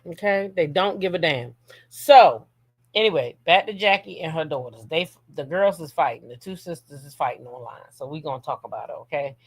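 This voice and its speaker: A woman's voice: sits low, animated, moderate pace, slightly rough, no echo. A woman hosting a casual gossip commentary show. She talks straight at her viewers, blunt and profane, and keeps checking in with "okay?". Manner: reads a long text message aloud.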